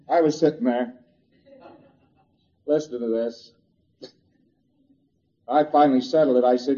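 A man's voice: mid-range voice, steady tone, measured pace, long pauses, warm tone. A man giving a lecture in a chatty, humorous way, telling anecdotes, on a dull lo-fi recording.

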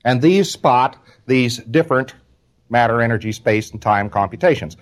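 A man's voice: mid-range voice, animated, moderate pace. A man delivering an informal spoken lecture in a conversational, wry manner, now and then acting out short quotes.

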